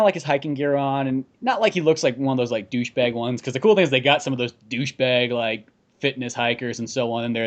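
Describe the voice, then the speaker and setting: A man's voice: medium pitch, muffled recording. A man co-hosting a podcast, chatting loosely about movies and laughing often. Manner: rambling, laughs often, acts out lines from scenes. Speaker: podcast co-host. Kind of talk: casual chat about movies.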